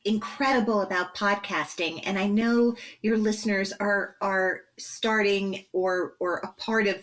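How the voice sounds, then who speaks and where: A woman's voice: medium pitch, steady tone, fairly bright tone. Playful woman podcast guest. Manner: playful, quick-witted. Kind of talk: casual podcast conversation.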